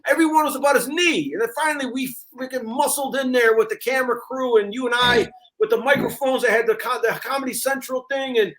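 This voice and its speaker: An older man co-hosting a casual sports talk show, telling animated stories and acting out what people said. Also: very high voice, a little fast, hardly any pauses. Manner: animated storyteller, acting out quotes. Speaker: co-host.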